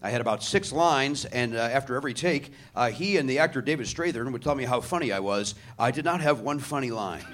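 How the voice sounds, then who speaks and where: A man's voice: mid-range voice, expressive, brisk, few pauses, a bit bright, a little hiss or hum. A man hosting a live comedy podcast on a theatre stage, riffing sarcastically and swearing freely.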